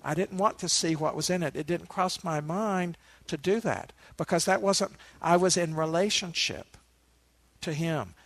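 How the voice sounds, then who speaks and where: Gravelly man telling a teaching story. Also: a little high, measured pace, dry recording. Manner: relaxed storyteller with asides to listeners. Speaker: meditation teacher. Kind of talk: dharma talk with personal storytelling.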